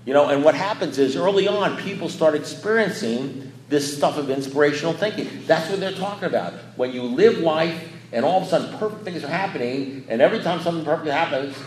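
A man's voice: a little high, a little hiss or hum. A man giving an unprepared talk at a recovery meeting, rambling and conversational with blunt, darkly joking asides. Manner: rambling and conversational, many "you know"s. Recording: echoey room.

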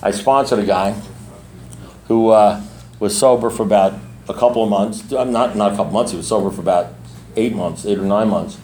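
A man's voice: lowish voice, brisk, a little mellow. Blunt man, streetwise recovery-meeting talker, repeats lines to drive them home, echoey room with a faint ambient hum. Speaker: recovery meeting speaker and sponsor.

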